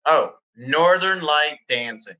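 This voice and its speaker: A man doing a clueless travel expert who bumbles through his answers in a flat, halting ramble, with a slightly high, very bright and forceful voice. It is an improvised podcast comedy bit. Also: heavily acted, low-quality recording. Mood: deadpan. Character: clueless male travel expert Dave, goofy and deadpan.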